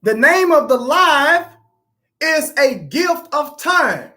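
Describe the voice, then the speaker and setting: Brief: bereaved woman testifying on a live stream, halting and repetitive, a fairly high voice. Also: sing-song, sharp tone. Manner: halting, repeats herself, addresses listeners as family. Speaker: grieving parent hosting a live stream.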